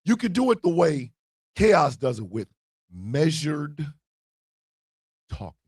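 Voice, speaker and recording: A man's voice: on the high side, sing-song, slow pace, a little mellow, slightly rough, no room sound, clean studio sound. A man hosting an internet radio livestream, delivering a fiery, emphatic monologue. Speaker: internet radio co-owner and host.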